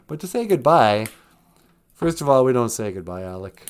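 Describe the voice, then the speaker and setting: A man's voice: mid-range voice, normal speed, long pauses. A man hosting a comedic livestream podcast, joking and laughing often. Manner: joking, laughs often, slips into silly voices. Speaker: podcast host.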